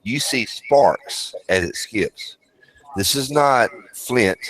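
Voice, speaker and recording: A man's voice: mid-range voice, lively intonation, slow, a bit bright, poor audio. A man, co-hosting a casual live chat about survival skills in a blunt, rambling and profane way.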